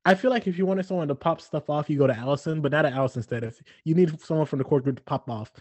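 A podcast co-host recapping a TV episode in casual chat, playful and quick to laugh. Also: no echo. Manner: playful and giggly, quick laughs, expressive swoops in pitch.

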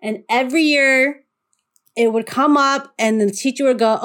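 A woman's voice: on the high side, moderate pace, fairly bright tone. A woman on a discussion panel sharing a childhood memory in a casual, chatty way. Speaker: panel guest. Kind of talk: conversational storytelling.

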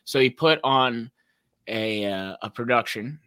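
A man hosting a podcast, telling stories in a chatty way with quick asides and plugs. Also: mid-range voice, pushed and bright, smooth, dry recording. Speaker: podcast host. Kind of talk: casual chat.

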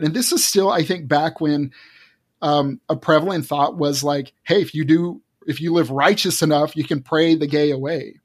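A man's voice: fairly high pitch, moderate pace, dry recording, studio quality. A man earnestly telling a personal story as a guest, with frequent restarts. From Texas.

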